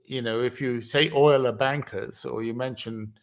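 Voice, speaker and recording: A man hosting a casual online chat. He speaks at an ordinary pitch and often stops and restarts mid-sentence, padding his thoughts with "uh" and "um". His delivery meanders before he reaches the point. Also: fairly even intonation. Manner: halting, many fillers and restarts. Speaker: host.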